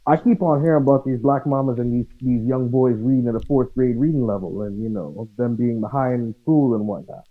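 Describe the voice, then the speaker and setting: A man's voice: mid-range voice, fairly quick, hardly any pauses. Wry male caller on phone line. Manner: provocative, wry questioning. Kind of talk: call-in advice chat.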